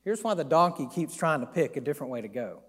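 A man voicing God as a calm, patient figure who steps in. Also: on the high side, fast, husky, in a large hall.

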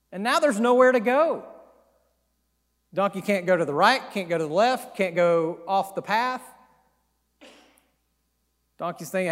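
Preacher, animated storytelling sermon, high voice, echoey hall. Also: male voice. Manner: animated, conversational retelling.

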